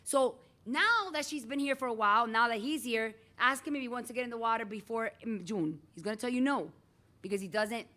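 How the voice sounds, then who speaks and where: A middle-aged woman teacher giving a chatty, animated lecture in a classroom and calling on students by name. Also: on the high side, fairly quick.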